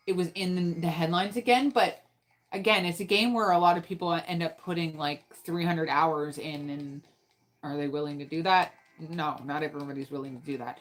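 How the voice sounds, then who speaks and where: A woman's voice: lowish voice, a bit bright. Rambling, swearing woman gamer. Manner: rambling, swears often, talks to herself. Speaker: gaming streamer. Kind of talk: casual chat while playing a game.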